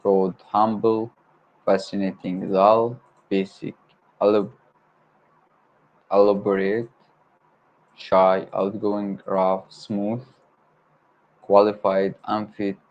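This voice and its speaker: Here the same low-voiced man, whose first language is Arabic, drills vocabulary slowly with a flat delivery, saying one word at a time. It's a self-study session on his livestream, recorded as a dull lo-fi home stream with faint noise.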